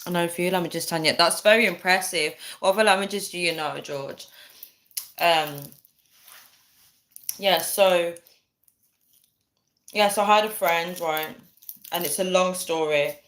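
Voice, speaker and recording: A woman's voice: lowish voice, measured pace, pauses often, fairly bright tone. A young woman hosting a casual livestream, chatting with viewers, reading their comments aloud and laughing often. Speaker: livestream host. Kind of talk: casual live chat with viewers.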